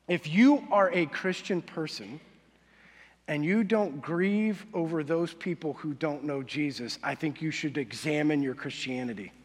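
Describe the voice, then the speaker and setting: Male pastor, fairly high voice, lively casual sermon delivery, long church reverb. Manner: animated, conversational, acts out quoted voices.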